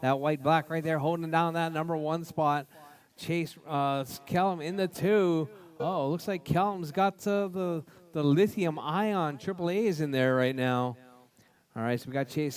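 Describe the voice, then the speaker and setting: A man's voice: a little high, fairly even intonation, measured pace. A man announcing and commenting on a small radio-controlled car race at a local track. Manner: loud calls of grid spots, chatty play-by-play.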